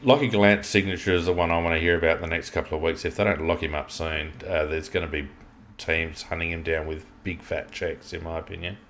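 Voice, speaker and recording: A man's voice: sits low, steady tone, brisk, a bit bright, a little hiss or hum. An Australian man co-hosting a football podcast, talking in an opinionated, rambling way with restarts. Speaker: podcast co-host. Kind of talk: casual football chat.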